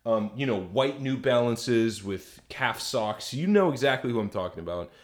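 A man co-hosting a podcast, telling a story in crude, animated casual chat with lots of fillers. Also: medium pitch, moderate pace. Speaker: podcast co-host.

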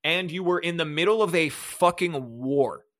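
A man's voice: fairly high pitch, moderate pace, a bit bright. A man co-hosting a podcast, giving a sarcastic, mocking play-by-play recap of a movie in casual chat. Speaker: podcast co-host.

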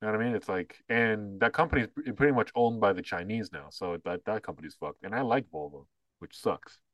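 A low-pitched man talks in loose, rambling podcast chat, blunt and swearing freely. His voice sounds dry and close, with little room around it. He leans on fillers and restarts as he piles up his opinions. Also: brisk, no room sound, highs cut off. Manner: mocking voices when quoting others. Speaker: podcast co-host. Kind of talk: casual chat.

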